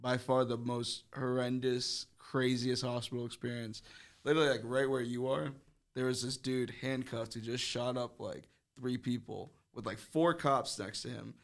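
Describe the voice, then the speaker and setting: Gravelly young man telling a wild story. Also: mid-range voice, steady tone, moderate pace. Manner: rambling, heavy on fillers, swearing. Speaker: podcast guest. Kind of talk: casual storytelling.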